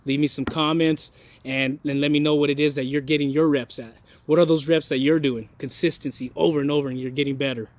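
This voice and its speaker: A man's voice: fairly high pitch, steady tone, brisk, a little mellow. Rambling earnest motivational guy. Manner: rambling, many restarts and repeated words; folksy, earnest pep-talk delivery. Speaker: motivational vlogger. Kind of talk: casual motivational monologue.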